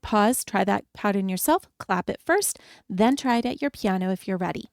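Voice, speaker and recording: A woman piano teacher leads a beginner lesson in a clear, encouraging, step-by-step way. Her voice sits at an ordinary middle pitch. It is recorded close up on a dry mic with no room sound. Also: animated, moderate pace, few pauses, no room sound. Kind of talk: friendly beginner music lesson.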